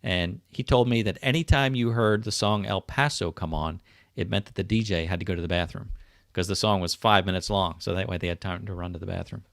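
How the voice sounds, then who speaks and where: A man's voice: deep voice, steady tone, a little fast, gravelly, fairly bright tone, no echo, studio quality. A middle-aged man hosting a casual livestream, chatting easily and greeting viewers by name as he reads their comments. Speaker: livestream host. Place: home, indoors. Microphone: webcam setup.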